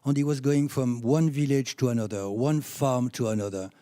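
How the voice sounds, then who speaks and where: Older French man, mellow storytelling voice. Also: medium pitch, normal speed, dry recording. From France. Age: 70s. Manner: animated anecdotes with laughs, rising when excited. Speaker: chiropractor speaking at a conference. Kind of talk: storytelling talk.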